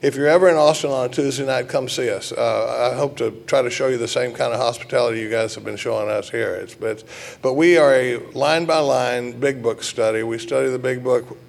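A man's voice: medium pitch, steady tone, brisk, gravelly. A middle-aged man from Texas, giving a folksy, joking talk to a recovery group with many halts and restarts. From Dallas, Texas. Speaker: recovery meeting speaker.

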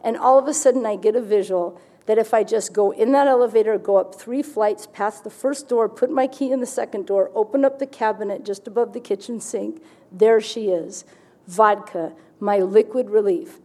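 A woman's voice: mid-range voice, moderate pace, mellow. A woman giving a candid personal testimony at a recovery meeting, telling her story vividly with wry humor.

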